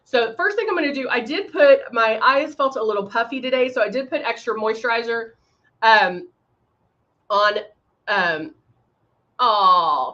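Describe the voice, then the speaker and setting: On a livestream with slightly dull audio, a makeup demonstrator leads a live tutorial, greeting viewers by name and chatting between steps with frequent fillers. Her fairly high voice is bright and forceful, with lively intonation, a measured pace, and frequent pauses.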